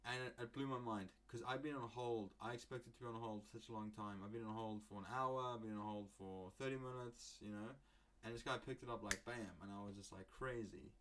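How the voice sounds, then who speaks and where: A man's voice: on the low side, steady tone, a little fast, fairly bright tone. A young man from England rambling through a casual solo podcast, joking and swearing freely as he goes. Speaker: podcast host.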